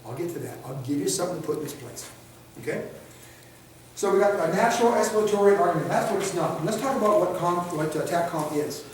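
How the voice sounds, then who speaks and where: An instructor with a high voice runs a training class casually and conversationally, firing rhetorical questions at the room and acting out quick street scenarios in quoted voices. His intonation is lively. He sounds distant from the mic in a heavily echoing room, with slight background noise.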